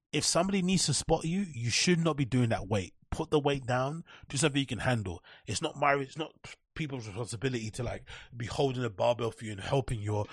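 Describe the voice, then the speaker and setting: A man's voice: mid-range voice, slightly rough, dry recording. A man ranting in a blunt, sweary, sarcastic way as a podcast host in a casual monologue.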